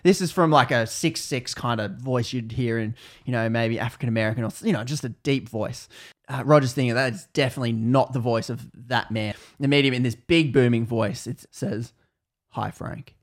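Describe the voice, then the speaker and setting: A man's voice: medium pitch, a little fast. A man casually retelling a ghost story on a podcast, rambling and correcting himself as he goes. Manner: rambling, self-correcting, laughs at own jokes.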